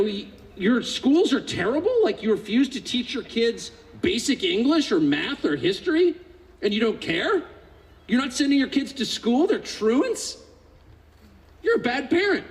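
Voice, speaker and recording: Californian man, 50s, high-pitched and animated, sarcastic political speaker on stage. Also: rough recording. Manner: sarcastic, mocking, builds to indignant outbursts. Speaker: public speaker. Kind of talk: political speech to a live audience.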